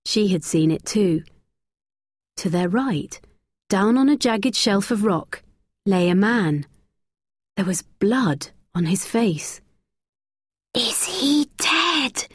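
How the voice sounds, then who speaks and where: A woman narrating a graded-reader story slowly, clearly and expressively. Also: mid-range voice, expressive, darkish tone, no echo, clean studio sound.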